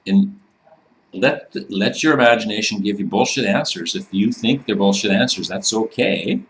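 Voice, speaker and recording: A man with a fairly low voice explains a method in plain, conversational terms. He talks loosely and swears without fuss, often ending a thought with "eh". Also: animated, normal speed, a little hiss or hum. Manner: loose and profane, tags sentences with "eh". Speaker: instructor. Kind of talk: casual instructional talk.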